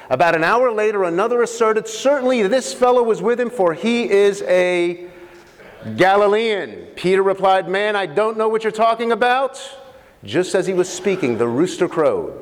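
A man preaching a sermon, reading scripture aloud with expressive, dramatic pauses. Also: sits high. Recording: long hall reverb.

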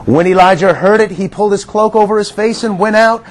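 A man preaching with a high voice, earnest and conversational, talking to his listeners as friends. He sinks to a near whisper on the quiet lines and then lifts his voice again to stress a point. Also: steady tone, brisk. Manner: earnest, drops to a hush on quiet words. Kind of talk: sermon.

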